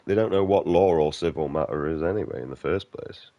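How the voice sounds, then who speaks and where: A man's voice: extremely low pitch, fairly quick, no room sound, dull audio. A man giving casual gameplay commentary, ranting bluntly and swearing a lot. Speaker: game streamer.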